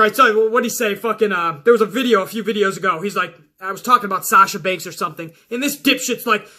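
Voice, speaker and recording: A man hosting a wrestling talk video, ranting casually and swearing, often rising into yelling. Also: sits high, quick pace, hardly any pauses. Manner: loud, swearing, flares into yelling. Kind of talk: profane casual rant to camera.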